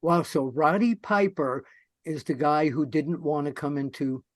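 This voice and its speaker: A man with a somewhat high voice hosts the interview, reacting eagerly and moving things along with short prompts. His voice sounds dry and close, with little room sound. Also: a little slow, dry recording. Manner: enthusiastic, reactive, asks short questions. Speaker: interview host. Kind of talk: casual interview chat.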